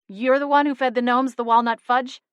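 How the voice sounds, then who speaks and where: A woman voicing a bold, quick-witted young witch who talks in a brisk, commanding way. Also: a little high, steady tone, clear, resonant tone, no echo, muffled recording, pitched above the performer's own voice, close to an everyday voice. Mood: demanding.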